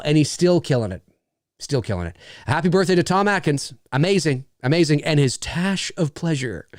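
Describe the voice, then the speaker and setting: A man's voice: fairly high pitch, no room sound, studio quality. A man hosting a casual livestream, rambling enthusiastically and swearing freely as he reads viewer messages. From Canada. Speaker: livestream host.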